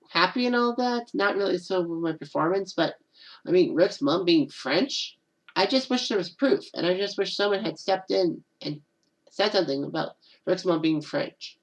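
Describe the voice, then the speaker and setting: A woman with a fairly low, expressive voice speaks at a normal speed while hosting her own channel. She rambles casually on her own, often repeating "and all that," in a low-quality recording.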